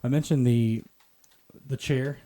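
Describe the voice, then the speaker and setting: A man's voice: medium pitch, steady tone, measured pace, warm tone. A man hosting a casual podcast, reacting with dry quips and giving blunt opinions. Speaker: podcast host.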